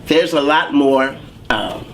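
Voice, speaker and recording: A man's voice: mid-range voice, expressive, slow, a bit bright, a little hiss or hum. A man telling his life story as an interview guest, acting out the voices of the people in it. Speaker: guest, saxophonist.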